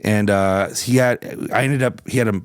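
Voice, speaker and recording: A middle-aged man with a Canadian accent talks in a fairly low voice, loose and easygoing, dropping swear words as he tells his stories. The sound is dry and close. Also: normal speed, clear, resonant tone, no room sound. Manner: relaxed, swears freely, animated when quoting people. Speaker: guest musician. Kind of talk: casual storytelling interview.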